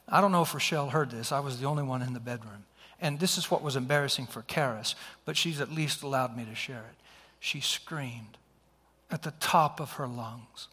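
A man's voice: mid-range voice, normal speed, fairly bright tone, husky. A middle-aged male preacher telling a personal story in a sermon, earnest and acting out the dialogue. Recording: long hall reverb.

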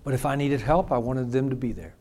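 A man's voice: medium pitch, fairly quick, a little mellow, a little hiss or hum. A male pastor preaching a sermon, telling a personal story in an emphatic, conversational way.

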